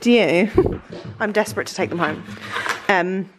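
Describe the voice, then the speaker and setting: A woman's voice: mid-range voice, measured pace, background noise. Giddy young Englishwoman vlogging. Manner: giddy, gushing, laughs a lot. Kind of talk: excited casual vlog. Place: large holiday lodge indoors. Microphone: handheld camera.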